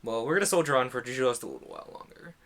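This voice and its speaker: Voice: mid-range voice, animated, racing, a bit bright. Rambling, playful game master. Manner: rambling, playful, filler-heavy. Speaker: dungeon master. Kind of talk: narrating a tabletop game.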